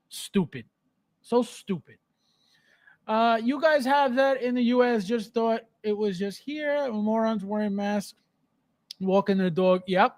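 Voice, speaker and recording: Speaking a little slowly in a very high voice, a man runs a casual livestream where he reads chat out loud and laughs often. His rants about his hobby are blunt and emphatic.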